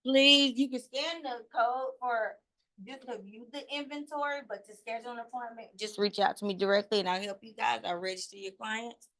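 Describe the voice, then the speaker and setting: Woman, thick Southern country accent, joking, sales pitch, slightly high pitch. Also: fairly even intonation, a bit bright. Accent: Southern US, North Carolina country. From North Carolina, USA. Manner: chatty, joking, spells things out slowly. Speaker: new-home sales agent. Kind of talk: pitch to a team meeting.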